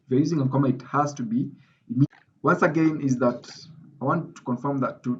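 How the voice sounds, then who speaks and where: Over slightly dull video call audio, a man with a medium-pitched, fairly quick voice teaches an online class. He's emphatic and repeats his points for stress.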